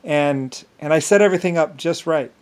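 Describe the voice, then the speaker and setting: A man with a fairly high voice tells a long rambling monologue. He stops and restarts often, stacking fillers as he talks himself up in a grand, boastful way. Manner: halting, many restarts and fillers.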